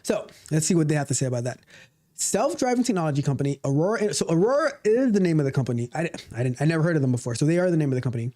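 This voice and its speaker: Mellow-voiced man grumbling through a livestream. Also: on the high side, very animated, racing. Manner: talks to himself, grumbles at the website, repeats words. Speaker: livestream host. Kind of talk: casual live commentary while reading an article.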